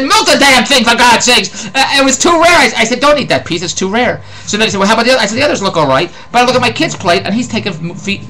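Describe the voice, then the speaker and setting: A man's voice: sits high, bright, forceful tone, poor audio. A middle-aged man with a Philadelphia accent, ranting in a rambling, exasperated comic monologue and repeating himself. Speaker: host.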